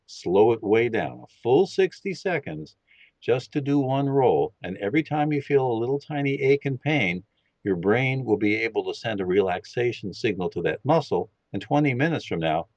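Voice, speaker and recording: A man on a podcast who guides listeners through a meditation, speaking in a calm, slow and instructive way. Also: fairly low pitch, dry recording. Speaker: podcast guest leading a meditation. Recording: dull lo-fi, dry sound.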